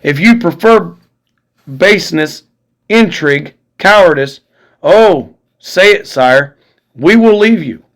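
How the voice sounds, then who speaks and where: A man's voice: high-pitched, lively intonation, takes it slowly, a bit bright, exaggerated voice, low-quality recording. A man reading aloud voices a proud musketeer captain, delivering grave, impassioned declamation to a king. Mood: defiant.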